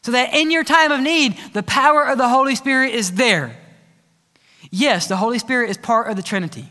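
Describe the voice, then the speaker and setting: A man preaching a sermon as pastor, telling stories in a lively way, with playful sound effects and asides. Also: very high voice, brisk. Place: church sanctuary. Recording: church hall reverb.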